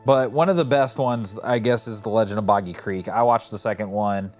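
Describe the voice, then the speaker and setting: A man co-hosting a podcast in casual chat, telling stories in a rambling, animated way and acting out quotes with swearing. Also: fairly low pitch, brisk, faint music behind. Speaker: podcast co-host.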